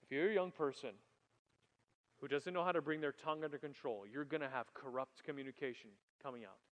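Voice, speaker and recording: A man preaching a sermon to young people, animated, swinging from loud emphasis to quiet asides. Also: on the high side, a little fast, dull audio. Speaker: youth pastor. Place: church hall. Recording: long hall reverb.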